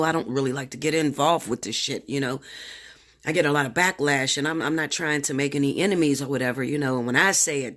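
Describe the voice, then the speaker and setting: Male tarot reader, nervous, stammering, swears a lot, slangy and rambling, mid-pitched voice, casual talk to the camera. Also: fairly bright tone. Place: at home, late at night.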